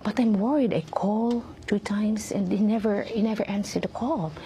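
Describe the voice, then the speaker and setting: A middle-aged woman giving emotional personal testimony in an interview, speaking haltingly, repeating words and acting out quoted lines. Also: medium pitch, dark tone, a little hiss or hum. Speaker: interview guest.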